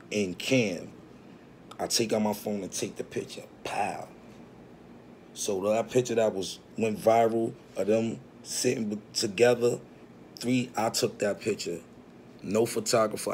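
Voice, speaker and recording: A man casually telling a story in slang, acting out what people said, with faint background noise. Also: on the low side. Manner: slangy, acts out quoted dialogue.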